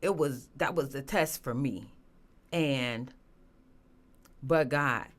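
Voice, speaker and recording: A woman telling her personal story as a guest, earnest and halting, with many restarts and fillers. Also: rumbling low. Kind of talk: emotional personal testimony.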